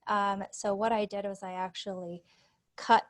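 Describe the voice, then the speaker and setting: A woman's voice: medium pitch, flat delivery, normal speed. A woman in her forties, a speech-language pathologist, presenting teaching activities to teachers on a computer call in a friendly, explanatory way. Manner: friendly, explanatory, with frequent fillers. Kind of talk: conference presentation, screen-share walkthrough.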